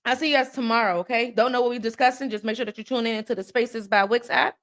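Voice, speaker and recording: A woman from the American South hosting a casual chat with viewers, animated and jokey, with exaggerated disbelief. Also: fairly high pitch, fast. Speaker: host.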